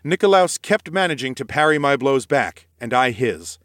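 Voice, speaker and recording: A male narrator reads a first-person story in an expressive, scripted style. His pitch moves in a lively way, and the recording is dry and close with no room sound. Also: moderate pace, dry recording. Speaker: audiobook narrator.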